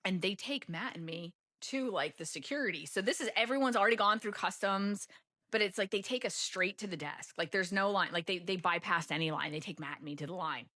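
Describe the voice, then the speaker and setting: Sharp in tone and pitched on the low side, this woman from the United States speaks at a fairly quick clip. Appearing on a podcast, she chats through a travel tale, filling it with "like" and performing her own past lines with flair.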